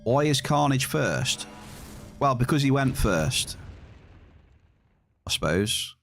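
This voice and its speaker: A man's voice: medium pitch, slow pace, vocal fry. Chatty English man streaming a game. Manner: chatty, reading chat aloud, bursts of excitement at hits. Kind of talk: casual live-stream chat. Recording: game music behind.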